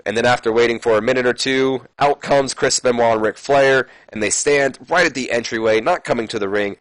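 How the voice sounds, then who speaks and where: A man's voice: medium pitch, a little fast, hardly any pauses, dry recording. A man casually narrating a simulation game, rambling with fillers and correcting his own slips. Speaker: let's play commentator.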